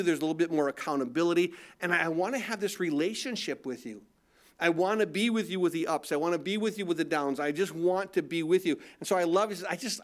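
Man preaching with rhetorical questions. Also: high voice. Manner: conversational, asks rhetorical questions, repeats words. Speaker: pastor. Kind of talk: sermon.

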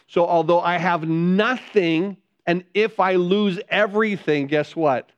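A man preaching a sermon as pastor, earnest, often repeating words and dropping to quiet emphasis. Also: on the high side, fairly even intonation, normal speed, lo-fi sound.

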